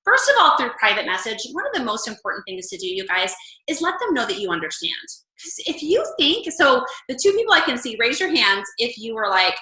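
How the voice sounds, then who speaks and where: A woman leading a casual coaching call for her fitness business team, chatty and animated. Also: a little high, brisk. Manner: chatty, animated, acts out quoted lines. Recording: echoey room.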